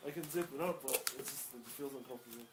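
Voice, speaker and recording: A man's voice: mid-range voice, racing, background noise. A teenage young man joking crudely and casually with friends. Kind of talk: casual chat.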